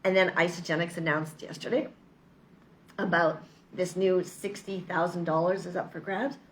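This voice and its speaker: A woman's voice: fairly low pitch, fairly even intonation, moderate pace. A woman talking in a casual motivational vlog, chatty, upbeat and persuasive. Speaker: vlogger. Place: lives in Mexico.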